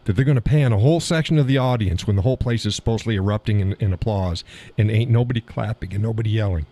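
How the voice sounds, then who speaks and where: Male stream host, low voice, blunt and mocking, chuckles between rants. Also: fast talker, mellow. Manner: blunt, scornful, laughs often. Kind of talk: casual political commentary reading chat.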